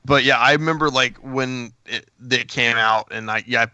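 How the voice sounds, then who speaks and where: A man's voice: medium pitch, fairly even intonation, moderate pace, bright, forceful tone, smooth, no room sound, highs cut off. A middle-aged man co-hosting a podcast, telling stories with laughs and false starts. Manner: laughing storyteller, trips over starts. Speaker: podcast co-host. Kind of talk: casual chat.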